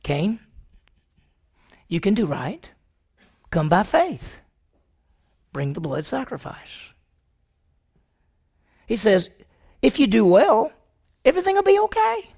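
Male preacher with a gravelly edge, animated sermon delivery, calls out rhetorical questions and leaps up in pitch for emphasis. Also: slow, pauses often. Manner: pitch jumps high when emphatic.

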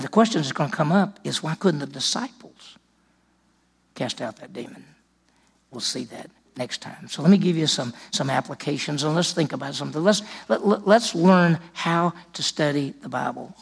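A man's voice: on the high side, lively intonation, moderate pace, vocal fry, husky. A man preaching a sermon in church, retelling a scripture story and acting out its dialogue. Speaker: pastor.

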